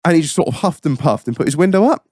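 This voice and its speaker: Podcast host, man, profane and lively, dry booth sound. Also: fairly high pitch, racing, dry recording. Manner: profane, animated storytelling. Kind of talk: casual chat, storytelling.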